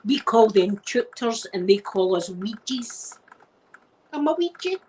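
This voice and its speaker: A middle-aged woman with a Glaswegian Scottish accent, telling stories in a relaxed ASMR chat and dropping Scots words as she goes. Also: a little high, unhurried, slight background noise, low-quality recording. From Scotland. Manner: chatty anecdotal storyteller using Scots words. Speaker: ASMR creator.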